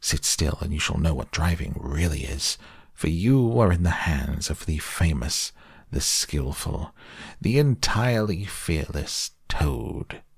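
Guy doing a bragging reckless toad, husky low voice, storybook reading. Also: lively intonation, slow, no echo, studio quality, full character voice. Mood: boastful. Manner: swaggering, loud bursts of bragging. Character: boastful reckless male toad, vain and excitable. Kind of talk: bedtime audiobook reading.

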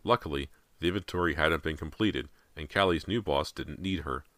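Very deep-voiced male narrator. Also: normal speed, a bit bright, no room sound. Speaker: audiobook narrator. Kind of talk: scripted horror narration.

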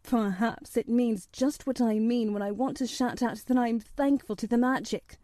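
A woman's voice: a little high, steady tone, normal speed, dark tone, no echo, lightly acted. A woman doing an earnest, formal young boy. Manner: formal, precise, eager.

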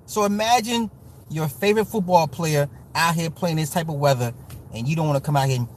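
A man's voice: on the high side, a little fast, slight background noise. Profane, joking Midwestern livestream man. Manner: profane, joking, animated rants. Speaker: livestream host reading chat. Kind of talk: casual livestream chat.

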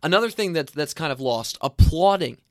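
A man's voice: a little high, expressive, a little fast, darkish tone, no echo, studio quality. A young man in his twenties hosting a casual chat, talking with enthusiasm and often restarting his sentences. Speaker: host.

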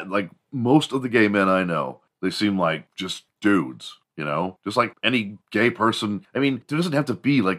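A man's voice: mid-range voice, fairly bright tone. A man from Houston hosting a podcast, talking in a crude, joking, rambling solo monologue. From Houston, Texas. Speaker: podcast host.

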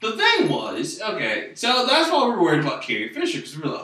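A man's voice: sits high, brisk, few pauses. A man co-hosting a casual podcast chat, talking animatedly and laughing often. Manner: animated, laughing, acts out quotes. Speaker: podcast co-host. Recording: echoey room, distant mic, faint noise.

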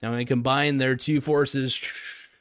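A man's voice: medium pitch, flat delivery, measured pace, a bit bright, clear, resonant tone, no room sound, clean studio sound. A young man hosting his own podcast, chatting casually in a rambling, jokey, self-mocking way. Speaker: podcast host. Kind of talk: casual solo podcast chat.

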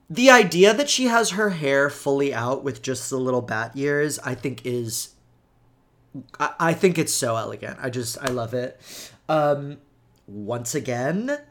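A young adult man hosting a podcast, chatting casually in campy, gushing rants about films and comics. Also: fairly bright tone. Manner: campy, gushing pop-culture rants with big pitch swings. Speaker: podcast host. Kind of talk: casual chat.

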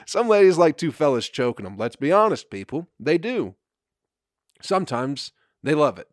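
A man's voice: on the high side, very animated, measured pace, pauses often, no echo, clean studio sound. A young adult man on a profane, rambling comedic rant, full of filler and laughter. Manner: rambling, crude, laughs often.

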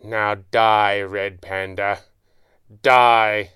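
A man's voice: mid-range voice, moderate pace, clean tone, dry recording, clean studio sound, natural voice. A man voicing a sneering, gloating male villain mastermind in an audiobook reading. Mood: furious.

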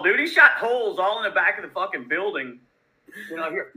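A man from Louisiana, a bartender guest telling profane, animated stories in a casual interview. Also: high voice, brisk, low-quality recording. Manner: profane, animated, laid-back. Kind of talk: casual storytelling.

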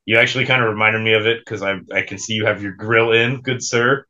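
A man's voice: fairly low pitch, steady tone, quick pace, sharp tone, muffled recording. A young man co-hosting a casual podcast, laid-back, swearing freely and laughing often. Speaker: podcast co-host.

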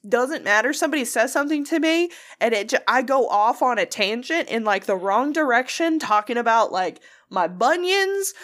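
Brief: woman, animated storyteller, higher pitch, wide lively intonation, swears freely. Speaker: podcast co-host. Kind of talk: casual storytelling chat.

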